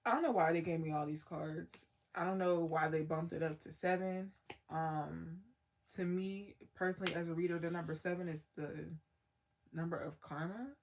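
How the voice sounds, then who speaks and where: Lower-voiced woman doing a casual tarot reading. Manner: loose, slangy, full of "like" and trailing thoughts. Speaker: tarot reader.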